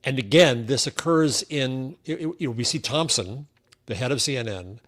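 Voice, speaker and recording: A man co-hosting a political podcast, speaking earnestly with halting restarts. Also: mid-range voice, expressive, a bit bright. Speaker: podcast co-host.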